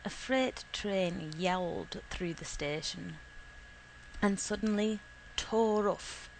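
A woman reading a literary short story aloud in a measured, deliberate way. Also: medium pitch, a little hiss or hum, low-quality recording. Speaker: reader.

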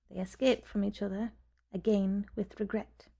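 A woman narrating a story in a measured, soft-spoken way, at times nearly whispering. Her voice is dark and mellow with a gravelly fry, pitched at a middle level. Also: little pitch movement. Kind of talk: audiobook narration.

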